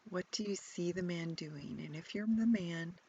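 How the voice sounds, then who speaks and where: A woman's voice: lowish voice, dark tone, dull audio, a little hiss or hum. A woman guiding an imaginative Bible contemplation, asking reflective questions and sometimes dropping to a whisper. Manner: slow, reflective, prompting questions, at times whispered. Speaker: retreat leader guiding contemplation.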